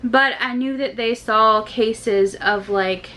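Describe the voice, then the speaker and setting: Chatty young mom vlogging, high voice. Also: female voice, slow pace, sharp tone, slight background noise, low-quality recording. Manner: chatty, talks with many "like"s and loose asides. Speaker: vlogger and mother. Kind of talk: casual family vlog.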